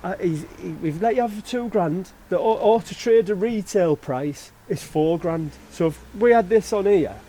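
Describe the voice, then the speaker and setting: A man's voice: sits high, moderate pace, few pauses, dark tone, slight background noise, rough recording. A man in his forties, a car dealer chatting to camera and giving friendly advice. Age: 40s. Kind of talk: casual presenting to camera.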